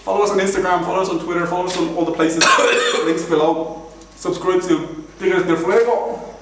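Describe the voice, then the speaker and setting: A man co-hosting a casual challenge vlog, loud and joking, setting the rules for his friend. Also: sits high, fairly even intonation, moderate pace. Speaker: vlogger co-host. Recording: echoey room, camera far off, noisy.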